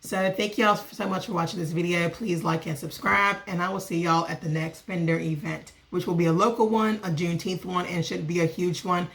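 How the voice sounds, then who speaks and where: A woman, vlogging as a small business owner and telling a story in a casual, animated way. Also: fairly quick, creaky, few pauses. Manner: animated, acts out other people's lines with lively pitch jumps. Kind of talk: casual storytelling rant to camera.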